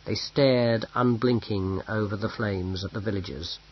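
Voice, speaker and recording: A man narrating an audiobook in a measured storytelling manner. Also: lowish voice, slightly rough. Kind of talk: scripted narration. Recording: dull lo-fi audio.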